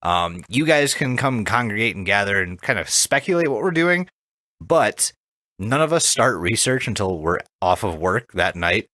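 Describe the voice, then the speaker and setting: A man co-hosts a podcast with a wildly swinging, bright voice, swearing freely as he lays out plans for listeners. His delivery is loose, animated and eager. The sound is close and dry. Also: fairly low pitch, moderate pace, no echo. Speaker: podcast co-host. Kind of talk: casual banter.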